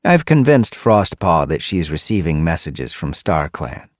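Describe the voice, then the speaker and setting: A man's voice: rumbling low, sing-song, measured pace, no room sound, studio quality, exaggerated voice. A man voicing a scheming female warrior cat who speaks coolly and persuasively in an audiobook. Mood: smug.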